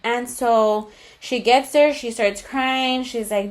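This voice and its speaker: A young woman co-hosting a casual podcast, her voice sitting a little higher than most. She tells a long personal story openly, swearing freely and slipping into Spanish slang now and then. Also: steady tone, a little slow. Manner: candid and profane, mixes in Spanish slang. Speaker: podcast co-host.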